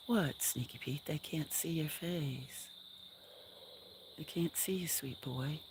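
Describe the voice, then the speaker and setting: A woman on a casual farm livestream, chatting with viewers and talking softly to her animals. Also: deep voice, slow pace. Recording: outdoor noise with chirping crickets. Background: crickets and insects.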